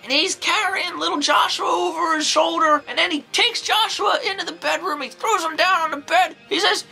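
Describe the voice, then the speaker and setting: A woman playing an eccentric, excitable old nun who reviews horror movies, rambling along with folksy exclamations. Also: extremely high pitch, normal speed, gravelly, faint music behind, exaggerated voice. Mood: rambling, amused. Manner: rambling, folksy exclamations, jumps into acted quotes. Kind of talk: in-character comedic movie review.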